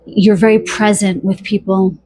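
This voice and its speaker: A woman giving a pick-a-card tarot reading, talking softly and dreamily to the listener, with many fillers, pauses and restarts. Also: medium pitch, steady tone, slightly rough. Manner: addresses the listener directly. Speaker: tarot reader.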